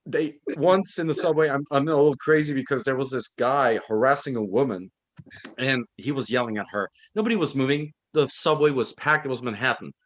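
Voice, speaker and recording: A man co-hosting an online book discussion over a video call, telling stories in an animated way and laughing often. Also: mid-range voice, brisk. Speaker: book club co-host.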